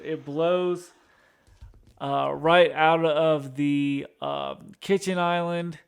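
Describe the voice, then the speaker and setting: A man's voice: medium pitch, clear, resonant tone. A man casually retelling a sitcom episode from memory, stumbling through restarts and fillers as he goes. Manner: halting, many restarts and fillers. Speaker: recapping a TV episode. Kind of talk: casual unscripted recap.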